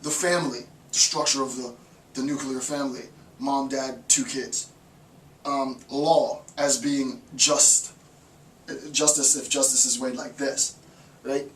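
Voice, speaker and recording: A male professor giving an emphatic, animated philosophy lecture, repeating lines for effect. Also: mid-range voice, a little slow. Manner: emphatic, repetitive, animated, with laughs. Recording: roomy, distant mic, faint noise.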